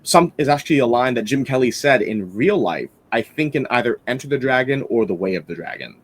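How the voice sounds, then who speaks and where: A man's voice: mid-range voice, sing-song, a little fast, breathy edge. A man hosting a casual film-review podcast, rambling enthusiastically with lots of fillers and restarts.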